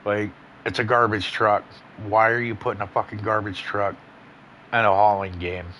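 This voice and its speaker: A man's voice: on the low side, flat delivery, normal speed, bright, forceful tone, dull audio, slight background noise. A man casually commenting on his gameplay, rambling and blunt, with plenty of swearing. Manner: laid-back, rambling, profane and blunt. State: yawning, a bit tired. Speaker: gaming channel host.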